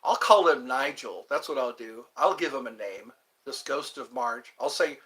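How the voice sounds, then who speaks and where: A man's voice: mid-range voice, moderate pace, a bit bright. A middle-aged man hosting a rambling live chat, joking around and putting on mock voices. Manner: joking, sings lines, mock accents. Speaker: livestream host.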